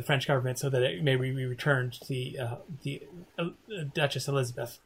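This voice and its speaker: A man narrating a tabletop adventure as game master. His speech is halting, broken up by pauses while he searches for words. His pitch is in a middle range. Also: fairly even intonation, vocal fry, slightly rough. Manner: halting, many fillers and restarts while narrating.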